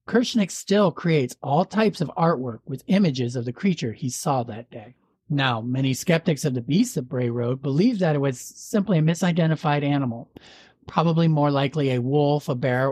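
A man with a slightly husky voice reads a local legend aloud, unhurried and measured, sometimes dropping a dry joke. The sound is close and dry, with no room around it. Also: fairly high pitch, a little mellow, dry recording. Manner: measured storytelling, dry jokes. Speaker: podcast host. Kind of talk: reading a legend aloud with banter.

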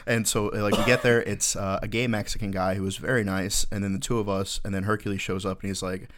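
A low-pitched man hosts a casual podcast. He rambles through a story, swearing freely and leaning on "like" and "uh" as he goes. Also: level tone, fast, fairly bright tone. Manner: rambling storyteller, profane, full of fillers. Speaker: podcast host. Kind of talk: casual chat.

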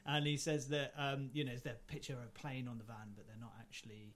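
A man's voice: mid-range voice, fast talker, fairly bright tone, a little hiss or hum. A man telling a rambling anecdote on a podcast, swearing freely and laughing as he goes. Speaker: podcast co-host. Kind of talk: casual chat, storytelling.

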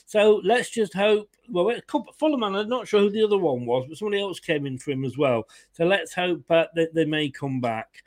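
Man, football fan host, opinionated chatter with laughs, slightly higher voice. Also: animated, brisk, few pauses. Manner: chatty, opinionated, laughs often, greets viewers. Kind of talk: casual live-stream chat.

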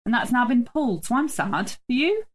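A woman's voice: fairly high pitch, animated, fast talker. A woman, chatting playfully and self-mockingly as a podcast co-host from home. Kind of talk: casual chat.

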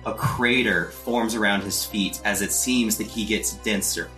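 Low-voiced man narrating as game master. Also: pushed and bright, faint music behind. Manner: descriptive, measured storytelling.

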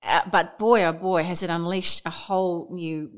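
Female podcast host, slightly low, smooth resonant voice, measured and thoughtful. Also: steady tone. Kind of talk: podcast interview.

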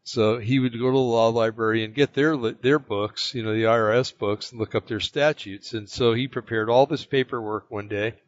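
Halting man telling a story, lo-fi. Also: medium pitch, no echo. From United States. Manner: rambling, halting, many fillers and restarts. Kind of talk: casual personal anecdote. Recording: dull lo-fi, dry sound.

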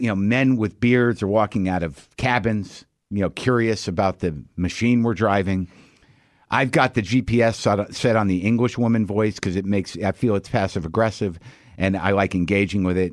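A man hosting a podcast, telling a story in a casual, animated way, acting out other people's lines and swearing as he goes. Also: on the low side, no room sound, clean studio sound. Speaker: podcast host.

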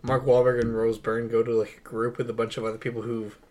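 In a casual movie-review chat, a young male podcast co-host rambles excitedly and laughs frequently. He speaks quickly in a level, medium-pitched voice with a darkish tone.

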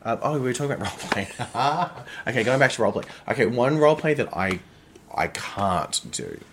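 A man in his thirties co-hosting a podcast, talking in a blunt, crude, animated way and swearing freely. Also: medium pitch, a little fast, noisy background. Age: 30s. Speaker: podcast co-host. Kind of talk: casual chat.

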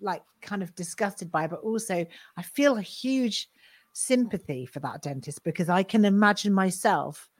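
A woman's voice: medium pitch, moderate pace, dry recording. A woman co-hosting a podcast in casual chat, agreeing often with lots of yeahs. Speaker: podcast co-host.

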